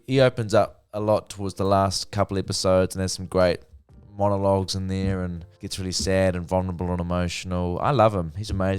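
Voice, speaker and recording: A man's voice: deep voice, darkish tone, clean tone, no room sound. A young man casually reviewing a TV show, chatty and swearing freely. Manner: chatty, swears freely, acts out characters' lines. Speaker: TV review vlogger.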